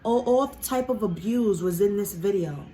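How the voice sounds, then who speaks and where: A woman's voice: mid-range voice, normal speed, mellow, poor audio. A woman. She talks earnestly in a casual, emotional way, swears freely and fills her talk with "you know". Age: 20s. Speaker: reaction video host.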